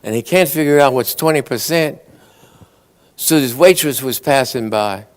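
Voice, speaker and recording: A man's voice: medium pitch, normal speed. A man with a Cajun Louisiana accent telling comic stories in a folksy drawl at a banquet. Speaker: storyteller at an awards banquet. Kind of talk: comic storytelling.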